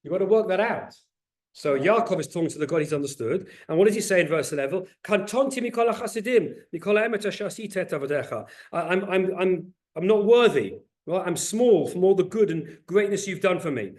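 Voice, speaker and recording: A middle-aged man teaches a Torah class, his voice pitched high and swinging widely as he questions his listeners. He repeats words when he gets going. The room rings with echo. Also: fairly quick. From England. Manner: animated, asks the audience questions, repeats words when excited. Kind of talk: lively teaching talk to a group. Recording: roomy echo.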